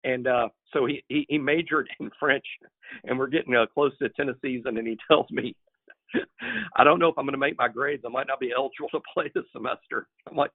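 A man co-hosting a podcast, telling a casual story with many fillers and lively quoted lines. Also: fast, slightly rough. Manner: hesitant with many fillers, acts out quotes with rising pitch. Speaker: podcast co-host. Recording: tinny phone-like dry line.

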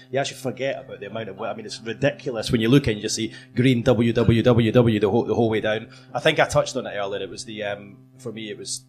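A man on a live podcast panel, telling a fast, animated story to an audience. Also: on the low side. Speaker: football reporter on a podcast panel. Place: comedy club stage before a live audience.

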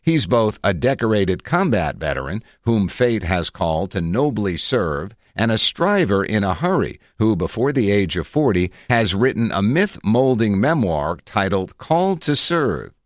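A man narrating his own article in a reflective, measured way with wry asides, recorded on a close studio mic. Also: lowish voice, big pitch swings, no room sound. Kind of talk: scripted narration.

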